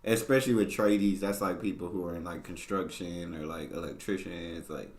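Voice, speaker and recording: A man's voice: deep voice, brisk, reverberant. An American man hosting a reaction video, chatting casually in a laid-back, slangy, joking way. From United States. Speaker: reaction channel host.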